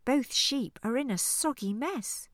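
Woman storybook narrator, unhurried and highly animated, dry studio sound. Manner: expressive, rhyming sing-song delivery. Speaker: audiobook narrator. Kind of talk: children's storybook reading. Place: recording studio. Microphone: studio microphone.

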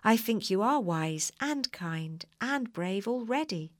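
A woman's voice: medium pitch, expressive, slow pace, no room sound, studio quality. A woman voicing a kindly, apologetic male balloonist wizard in a storybook reading.

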